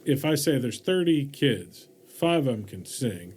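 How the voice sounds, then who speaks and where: A man's voice: medium pitch, very animated, unhurried, a little mellow, a little hiss or hum. A man hosting a podcast, asking questions and telling stories in a chatty, rambling, jokey way. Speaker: podcast host. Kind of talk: casual podcast interview.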